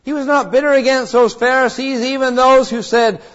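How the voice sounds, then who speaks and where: In this sermon, the pastor, a man with a high-pitched voice, speaks at normal speed with few pauses, swinging emotionally between loud cries and hushed low tones. He voices the characters he quotes in his story, captured in a dull, lo-fi recording.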